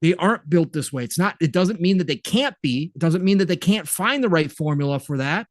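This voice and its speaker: A male podcast host in animated, profane casual chat, reading viewer comments. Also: on the high side, no echo, clean studio sound. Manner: animated, profane, quick to laugh.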